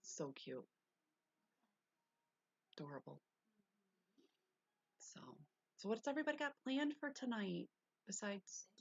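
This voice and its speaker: With a medium-pitched voice that has a breathy edge, an older woman chats casually on her livestream, rambling while responding to viewers. Her stream audio is dull and lo-fi, with a faint hiss.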